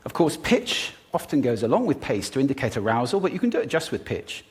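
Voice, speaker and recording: A man giving a talk on stage to a live audience about speaking, deliberately varying his pitch, pace and volume. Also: sing-song. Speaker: public speaker on voice.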